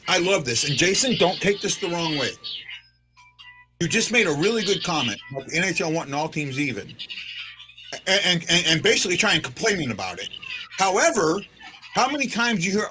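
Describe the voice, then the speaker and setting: A man's voice: high voice, sing-song, fairly quick, over music. A man hosting a casual sports chat, rambling with lots of fillers and restarts. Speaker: podcast host.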